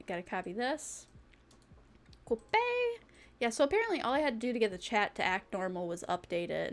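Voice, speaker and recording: A young woman streaming, chatting casually and playfully, rambling and breaking into silly sing-song. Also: medium pitch. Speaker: vtuber streamer. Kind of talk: casual live-stream chat.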